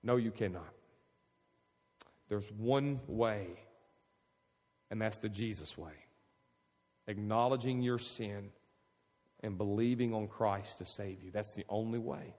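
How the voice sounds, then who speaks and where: A man's voice: fairly low pitch, takes it slowly, pauses often, darkish tone, in a large hall. A man preaching a sermon, telling the story vividly and firing rhetorical questions at his congregation. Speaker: pastor.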